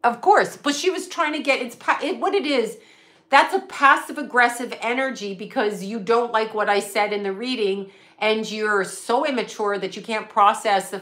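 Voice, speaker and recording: A woman's voice: fairly high pitch, a bit bright. A middle-aged woman, a psychic medium, ranting in casual livestream chat, swearing and laughing often. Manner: profane, ranting and laughing a lot.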